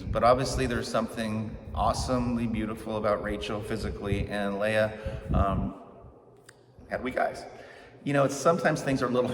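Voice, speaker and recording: A middle-aged male pastor tells a scripture story with an easy, joking conversational delivery. He is heard from a distance in a church hall with a long echo. Steady background noise sits under his voice. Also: lowish voice. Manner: joking, conversational, acts out characters' lines. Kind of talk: casual storytelling sermon. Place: church sanctuary.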